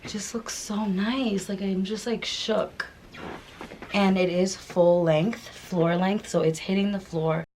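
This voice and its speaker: A woman's voice: medium pitch, steady tone, takes it slowly, darkish tone, a little hiss or hum, poor audio. A woman chatting through a clothing try-on haul, gushing and chatty with lots of fillers. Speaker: fashion vlogger.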